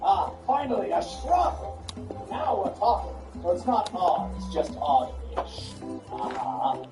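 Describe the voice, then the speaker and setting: A woman's voice: fairly low pitch, huge pitch swings, slow. A woman streamer giving casual let's-play commentary, sarcastic and profane, talking back at the game. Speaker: gaming streamer. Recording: roomy, distant mic with game music.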